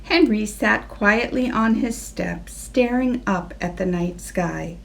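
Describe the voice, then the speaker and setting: A woman reading a children's picture book aloud, slow and expressive, jumping up in pitch for the animals. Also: gravelly, a little hiss or hum. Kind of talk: read-aloud storytelling.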